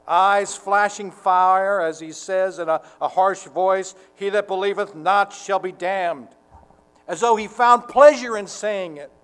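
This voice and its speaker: A man preaching a sermon to his congregation, earnest and deliberate, rising to fervent emphasis. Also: high-pitched, a bit bright, big-room sound. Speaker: pastor.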